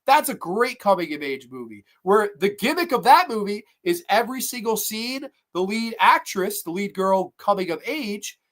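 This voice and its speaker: A woman's voice: medium pitch, very animated, moderate pace, hardly any pauses. A woman hosting a movie review show, ranting bluntly and with lots of swearing about a film she dislikes. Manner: profane, blunt, exasperated. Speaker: movie review podcast host.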